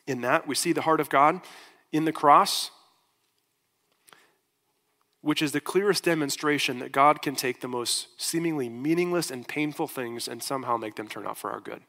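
A man's voice: fairly high pitch, a bit bright. A man, a pastor, preaching a sermon in a church with an earnest voice that swells and drops in force. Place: church sanctuary. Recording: long reverb of a church hall.

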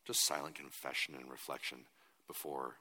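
A man's voice: a bass voice, steady tone, normal speed, bright, forceful tone, husky, in a large hall. A man preaching a sermon as a pastor, earnest and at times emphatic.

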